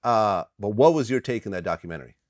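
A male interviewer with a very low, deep voice who speaks in a halting way, full of "uh"s, as he reads from his notes. The recording is dry and close. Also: animated, no room sound. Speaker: interviewer host. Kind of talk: interview questions.

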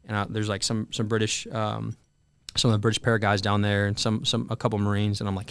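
Gravelly low-voiced young man, candid. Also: monotone, fairly bright tone, no room sound. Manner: candid, profane, halting with many fillers. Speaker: guest, Marine veteran. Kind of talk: conversational storytelling interview.

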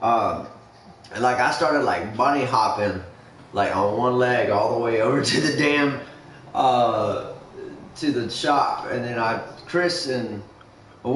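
A man's voice: mid-range voice, a bit bright. A young man streaming a game, chatting casually in a rambling, swear-heavy way full of fillers. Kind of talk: casual chat while gaming. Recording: echoey room, mic far off, faint noise.

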